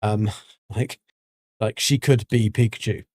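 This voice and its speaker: A man's voice: on the low side, fairly even intonation, takes it slowly, darkish tone, dry recording, clean studio sound. A man chatting casually on a gaming livestream, rambling with many ums and restarts. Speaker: livestreaming gamer.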